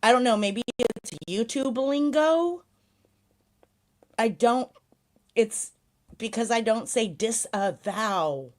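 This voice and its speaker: A woman's voice: a little high, expressive, takes it slowly. A woman hosting a casual live chat, ranting sarcastically, swearing often and laughing a lot. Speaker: livestream host.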